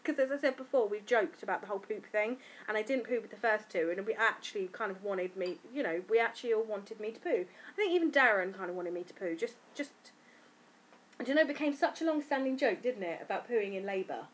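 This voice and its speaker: A woman's voice: mid-range voice, lively intonation, fast. A tired woman, frankly and chattily telling her birth story in a casual vlog. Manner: chatty, frank and giggly, acting out quotes. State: tired from lack of sleep.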